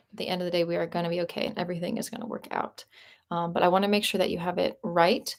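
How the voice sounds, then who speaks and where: Chatty young woman with a sore throat. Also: medium pitch. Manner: chatty, upbeat, many fillers and restarts. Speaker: vlogger answering live chat. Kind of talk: casual live-stream chat.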